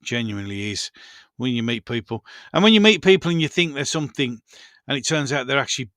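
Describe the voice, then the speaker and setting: Brummie host in his fifties, candid and chatty, crisp forward voice, no room echo. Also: mid-range voice, expressive, fast talker, fairly bright tone, clean studio sound. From Birmingham, England. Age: 50s. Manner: chatty, rambling, frank, swears casually. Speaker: channel host. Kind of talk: casual live-stream chat.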